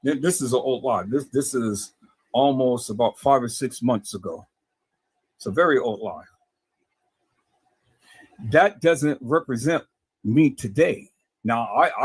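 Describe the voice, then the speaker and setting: Husky, animated man preaching to viewers. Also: medium pitch, no room sound. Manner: preachy, repeats words, stammering restarts. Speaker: video host. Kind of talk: casual talk to viewers.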